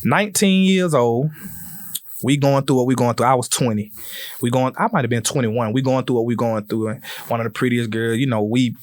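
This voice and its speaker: A man hosting a podcast, telling a story in animated casual talk and swearing freely. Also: mid-range voice, fairly quick, no echo. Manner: animated, swearing, acts out voices in his stories. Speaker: podcast host.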